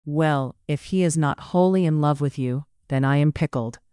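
A narrator voicing a witty, spirited young gentlewoman with a wry, teasing manner in an audiobook reading. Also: mid-range voice, moderate pace, smooth, no echo, clean studio sound, close to an everyday voice.

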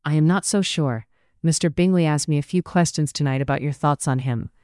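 Narrator doing a sweet young lady in a period story, soft-spoken, clear smooth voice. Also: mid-range voice, brisk, no room sound, clean studio sound, lightly acted. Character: gentle, hopeful young gentlewoman. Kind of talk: audiobook character reading.

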